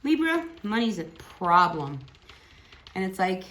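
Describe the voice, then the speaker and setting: A woman's voice: mid-range voice, sing-song, unhurried, fairly bright tone. A woman giving a casual, chatty tarot reading, encouraging and blunt, often tagging lines with "right?" and "you know". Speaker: tarot reader.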